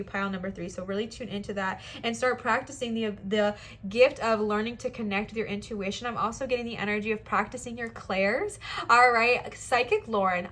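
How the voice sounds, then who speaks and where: A woman's voice: mid-range voice, fairly bright tone. A woman giving a casual pick-a-card tarot reading, speaking in enthusiastic, encouraging bursts full of affirmations and chatty asides to her viewers. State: out of breath at times. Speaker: tarot reader, channel host.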